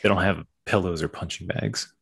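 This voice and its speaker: A man appearing as a podcast guest, speaking calmly and explaining his thoughts carefully. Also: deep voice, normal speed, gravelly, husky. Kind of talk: casual conversation.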